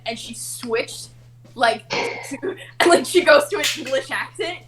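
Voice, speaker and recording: A woman's voice: sits high, unhurried, fairly bright tone, poor audio. A woman from Australia telling a rambling story in a casual group chat, laughing often.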